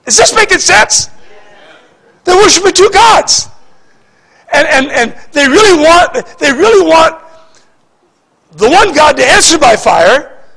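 A pastor preaching a sermon, repeating words and swinging between shouting and hushed speech. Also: male voice, very high-pitched, very animated, unhurried, vocal fry, pauses often.

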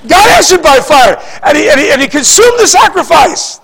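Gravelly high-voiced preacher man. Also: lively intonation, normal speed, hardly any pauses. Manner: repeats words, swings from shouting to hushed. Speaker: pastor. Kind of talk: sermon.

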